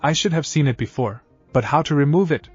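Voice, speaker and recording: A man's voice: a little high, a little fast, husky, dull audio, faint music behind, pitched above the performer's own voice. A man reading the lines of a brooding, bitter boy ninja in a plain read-aloud manner. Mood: agitated.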